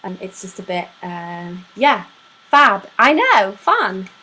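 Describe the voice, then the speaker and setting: A woman's voice: mid-range voice, sing-song, slow pace, pushed and bright, husky, rough recording. A woman hosting a live stream at home, chatting to viewers by name and reading poems aloud with playful emphasis. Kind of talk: casual chat and poetry reading.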